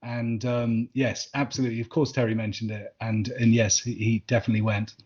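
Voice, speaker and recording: A man's voice: mid-range voice, level tone, brisk, a little mellow, slightly rough. Man, casual interview guest, rambling, repeats himself, muffled video-call sound. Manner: rambling, repeats words, restarts. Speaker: interview guest, former assistant.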